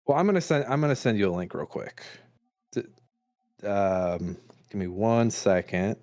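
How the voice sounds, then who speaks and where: With a fairly low, expressive and slightly mellow voice at normal speed, a man in his thirties chats casually through a story. He's an improv performer, podcast co-host and father, and his rambling, self-deprecating telling includes restarts and cursing.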